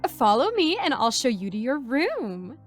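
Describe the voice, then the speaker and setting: A woman's voice: fairly high pitch, animated, moderate pace, faint music behind. Woman voicing a sing-song, creepily motherly caretaker. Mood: sweetly sinister. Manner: sing-song, overly sweet and soothing. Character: sweet, creepy, motherly woman running a medical experiment.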